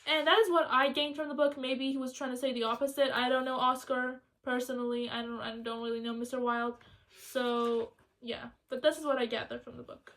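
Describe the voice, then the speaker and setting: A young woman talking casually and excitedly in a rambling book vlog, chatty and quick. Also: sits high. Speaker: student book vlogger.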